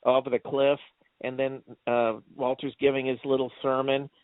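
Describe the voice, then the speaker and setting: Excitable laughing man, tinny dry sound. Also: medium pitch, normal speed, no room sound. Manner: laughs often while retelling scenes, excitable. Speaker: co-host reviewing movies. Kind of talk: casual chat.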